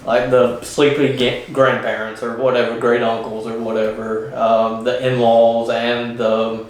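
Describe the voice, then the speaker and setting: A man co-hosting a casual movie chat, laid-back and measured, with some fillers. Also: mid-range voice, little pitch movement, recorded from a distance. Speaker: co-host. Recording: echoey room, off-mic.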